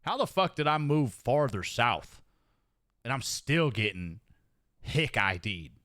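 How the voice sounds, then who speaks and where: Twangy streamer with a lively voice. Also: male voice, medium pitch, takes it slowly, dry recording, clean studio sound. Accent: Southern US twang. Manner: laughs often, swears, animated. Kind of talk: casual chat with viewers.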